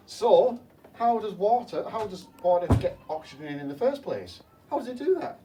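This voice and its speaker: This aquarium technician's voice sits high and swings widely in pitch at a normal speed. He playfully chats with kids while he cleans a school tank, posing rhetorical questions, and the recording comes from a slightly distant mic with faint hum.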